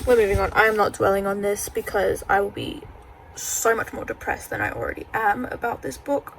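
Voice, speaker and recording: A woman's voice: medium pitch, animated, a little fast, vocal fry, a little hiss or hum, low-quality recording. A teenage girl chatting casually in a reading vlog, gushing and dramatic about a book. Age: teens. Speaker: reading vlogger.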